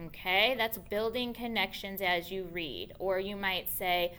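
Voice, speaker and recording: A woman teacher modeling a reading lesson for young children on her own camera, expressive and patient, repeating key points slowly. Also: mid-range voice, slight background noise.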